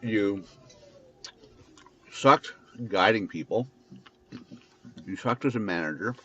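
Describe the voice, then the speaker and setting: A man's voice: fairly low pitch, animated, slow pace, sharp tone, slightly rough. A man hosting a podcast, venting bitterly and swearing in an unscripted monologue while driving. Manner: bitter, venting ranting with profanity. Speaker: podcast host. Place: in a car. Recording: dull lo-fi sound with faint noise.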